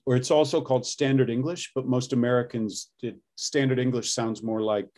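A man's voice: medium pitch, fairly even intonation, a little fast, a little mellow. A man who coaches voice and accents, explaining his work in a casual interview, with lots of ums and restarts as he goes.

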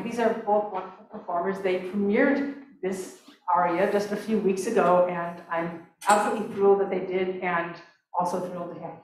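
A woman's voice: mid-range voice, a little mellow. A woman composer giving a talk about her opera, chatty and full of restarts and fillers. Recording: echoey hall, mic from far off.

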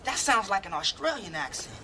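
A cheesy flirt. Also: male voice, high voice, sing-song, a little fast, background noise. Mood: flirty. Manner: cheesy, flirty, laughing through his lines. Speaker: flirtatious bed and breakfast host. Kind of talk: sitcom acting.

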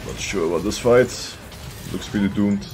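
A man with a very low, deep voice talks his way through a live game, reacting loudly, laughing and chatting with his viewers. Soft music plays behind him. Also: normal speed. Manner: excitable, laughing, talks to chat. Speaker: streamer playing a game. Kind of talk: casual live game commentary.

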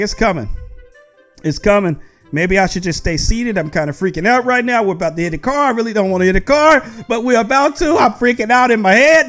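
High-voiced excitable man narrating gameplay. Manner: excitable, talks straight to viewers. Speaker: gaming video host. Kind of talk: casual gameplay commentary.

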